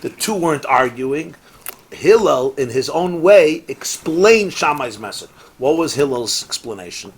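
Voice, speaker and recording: A man, a rabbi, teaching a Torah class in a lively, sing-song lecture style, mixing in Hebrew and Yiddish phrases, asking rhetorical questions and cracking jokes. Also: fairly high pitch, measured pace, husky. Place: synagogue study hall, live class.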